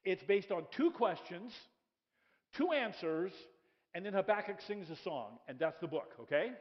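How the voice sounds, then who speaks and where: A man preaching a sermon as a pastor, chatting and joking with the congregation, checking in with "okay?", then sinking to a hushed voice for the dramatic points. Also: sits high, big-room sound, highs cut off. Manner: drops to a soft, hushed voice for dramatic passages.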